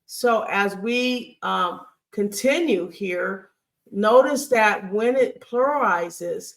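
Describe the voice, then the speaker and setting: A woman teaches a grammar lesson over slides at an unhurried pace. Her voice has a gravelly fry to it. She sounds set back from the microphone, and she patiently repeats herself with plenty of fillers. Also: medium pitch, far from the mic. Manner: patient, repeats key points, many fillers and checks like "okay?". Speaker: Hebrew teacher. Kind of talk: recorded video lecture over slides.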